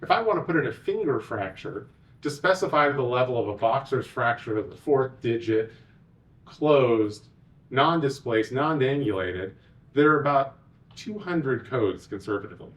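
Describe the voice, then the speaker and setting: Animated man giving a conference talk. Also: mid-range voice, moderate pace, far from the mic. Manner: animated, sarcastic asides. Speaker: physician executive speaker.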